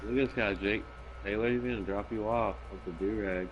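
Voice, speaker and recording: Low-voiced young man teasing a friend. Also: steady tone, brisk, muffled recording, over music. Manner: teasing, joking. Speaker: friend watching the stream. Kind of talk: casual chat.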